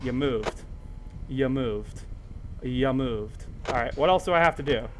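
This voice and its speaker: A man streaming a horror game live, muttering to the on-screen threats and breaking into panicked shouts. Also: mid-range voice, measured pace, a little hiss or hum.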